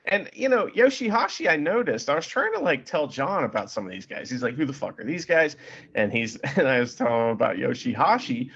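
A man's voice: mid-range voice, big pitch swings, a little fast, hardly any pauses, a bit bright, husky, muffled recording. A man co-hosting a podcast, chatting about wrestling and laughing often. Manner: laughs often, swears casually. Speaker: podcast co-host. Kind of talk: casual wrestling recap chat.

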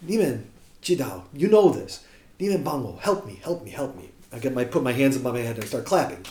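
American man telling a lively story. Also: mid-range voice, fairly quick, a little hiss or hum. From United States. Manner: animated storyteller who acts out quotes. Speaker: guest musician. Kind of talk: casual anecdote telling. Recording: roomy echo.

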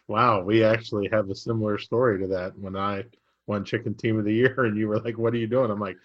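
Brief: male podcast host, lowish voice, easygoing interviewer. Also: steady tone, a little fast, highs cut off. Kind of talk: casual interview chat.

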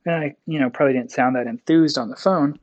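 A man's voice: fairly high pitch, fast talker, muffled recording. A young man from Wyoming, telling a story as an interview guest in a folksy, rambling way with many self-corrections.

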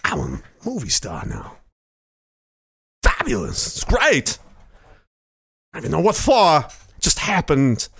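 A man doing an impression of an unsettling male movie star, speaking slowly, with odd pauses and a quietly threatening tone. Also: a little high, huge pitch swings, gravelly, slightly rough, dry recording, exaggerated voice. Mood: eerie menace. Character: eerie, halting male movie star, calmly menacing.

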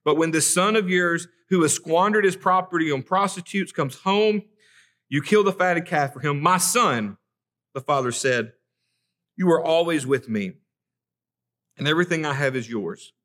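A man's voice: fairly high pitch, normal speed, fairly bright tone. A man preaching a conversational sermon in a church, reading scripture and talking earnestly, often stumbling over and repeating his first words. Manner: earnest, repeats words when starting sentences. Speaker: pastor.

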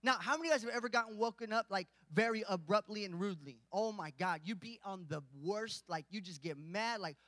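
A man's voice: high-pitched, quick pace, hardly any pauses, a bit bright, no room sound, in a large hall. A man preaching a casual, conversational sermon, joking with the congregation and rising to emphatic points.

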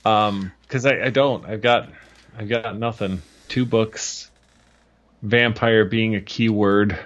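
A man's voice: fairly low pitch, fairly even intonation, slow, a bit bright. Hesitant man with a muffled lo-fi sound. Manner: self-deprecating, hesitant with fillers. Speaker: podcast co-host. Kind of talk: casual chat, guessing game.

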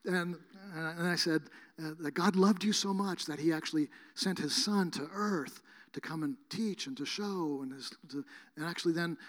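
High-voiced preacher in a reverberant hall. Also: male voice, moderate pace. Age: middle-aged. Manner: animated, acts out both sides of conversations. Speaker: pastor. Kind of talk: sermon storytelling. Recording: long reverb of a large hall.

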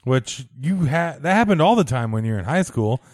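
A man co-hosting a podcast in relaxed casual chat, easygoing and unhurried with plenty of fillers. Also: mid-range voice, dry recording, clean studio sound. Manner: laid-back, easygoing, many uh fillers. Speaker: podcast co-host.

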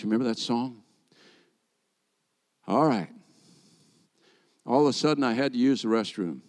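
A man's voice: medium pitch, a little slow, long pauses. A middle-aged man, a rabbi, preaching a sermon and telling stories while acting out the dialogue. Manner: animated storyteller acting out dialogue. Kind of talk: sermon storytelling.

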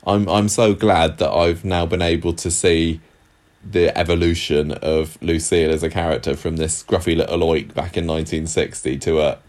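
Man, very deep voice, casual podcast chat, chatty, lots of restarts. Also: flat delivery, moderate pace, darkish tone. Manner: chatty, many restarts and fillers. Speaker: podcast co-host.

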